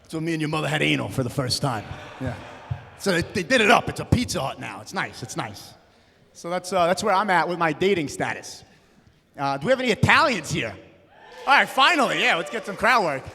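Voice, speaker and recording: A young man doing a stand-up comedy set, loud and punchy, slipping into acted-out voices. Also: a little high, very animated, brisk, creaky. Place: comedy club stage. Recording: live room with long reverb.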